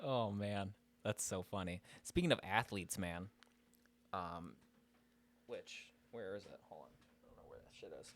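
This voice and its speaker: A man's voice: sits low, lively intonation, a little slow. A young man co-hosting a podcast in casual, crude, joking banter full of swearing. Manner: crude, swears a lot, jokey. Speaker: podcast co-host.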